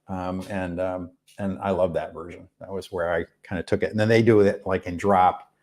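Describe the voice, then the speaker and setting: Low-voiced man rambling through a live stream. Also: moderate pace. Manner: rambling, relaxed, many fillers. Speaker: music channel host. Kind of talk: live stream chat answering questions. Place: rented room abroad.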